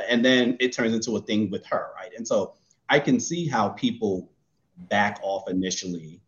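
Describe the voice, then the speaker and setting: A man co-hosting a casual podcast chat, animated and often laughing as he acts out what he would say. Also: on the low side, normal speed, lo-fi sound. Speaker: co-host.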